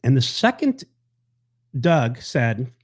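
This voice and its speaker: A man's voice: mid-range voice, big pitch swings, slow, breathy edge. Blunt, foul-mouthed man ranting. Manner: blunt, angry, heavy swearing; rambling storytelling. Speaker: podcast host. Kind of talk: casual monologue.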